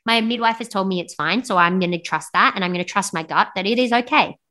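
A young woman, a podcast guest telling her birth story in a frank, animated way with blunt swearing. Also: mid-range voice, fast. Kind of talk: casual storytelling interview.

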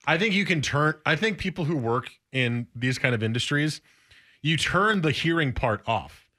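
A man's voice: a little high, lively intonation, normal speed, pushed and bright. Playful male sports radio co-host. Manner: playful, teasing banter. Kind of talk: casual sports talk.

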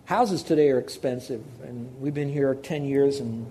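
A middle-aged man preaching a sermon as pastor, animated and repeating words for emphasis. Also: medium pitch, moderate pace, slight background noise. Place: church in Hawaii.

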